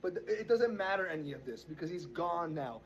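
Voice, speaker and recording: American male fan commentator, rapid earnest delivery, high-pitched. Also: animated. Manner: earnest, insistent listing of points.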